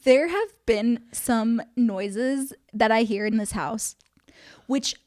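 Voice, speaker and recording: Young woman cohost, kinda high voice, rambly casual chat, lots of likes and ums. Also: slow, darkish tone. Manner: chatty, many "like" and "um" fillers. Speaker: podcast co-host.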